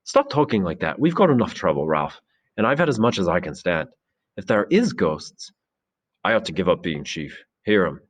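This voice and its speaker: A man's voice: sits low, sing-song, normal speed, husky, exaggerated voice. A man reading aloud, voicing an earnest, troubled boy who was chosen chief. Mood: uneasy.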